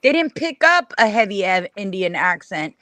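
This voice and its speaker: A woman's voice: medium pitch, very animated, moderate pace, sharp tone, no echo. A woman with an American accent hosting a casual live stream, blunt and teasing as she argues with her guests. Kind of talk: casual chat.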